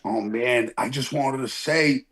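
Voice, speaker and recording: A man's voice: medium pitch, measured pace, a bit bright, a little hiss or hum. A man sharing at a recovery meeting over his phone on a video call, earnest and rambling, apologizing for his swearing. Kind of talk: casual heartfelt share.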